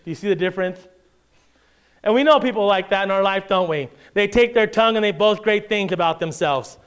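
A pastor preaching to his congregation, a man with a high, smooth and resonant voice. He keeps it conversational and joking, throwing out rhetorical questions, then slows into a measured tone to read scripture aloud. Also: a bit bright. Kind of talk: sermon.

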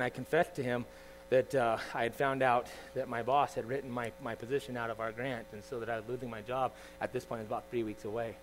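A man preaching a sermon, telling a personal story in a conversational, animated way with asides to his listeners. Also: mid-range voice, noisy background.

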